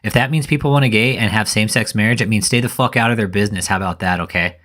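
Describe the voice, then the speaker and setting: A man's voice: on the low side, racing, a bit bright. A man giving live reaction commentary in an angry, profane rant.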